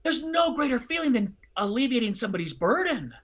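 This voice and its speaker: A middle-aged man telling a personal story in conversation, expressive and bursting into loud excited outbursts. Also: extremely high pitch, fairly quick. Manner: expressive, swings into loud excited outbursts when acting out scenes. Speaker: guest, charity fundraising speaker.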